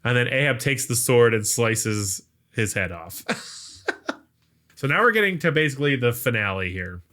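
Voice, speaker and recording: A man's voice: mid-range voice, big pitch swings, normal speed, sharp tone. A man hosting a podcast, casually retelling a film's plot in a rambling way with plenty of fillers. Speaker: podcast host. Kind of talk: casual movie recap.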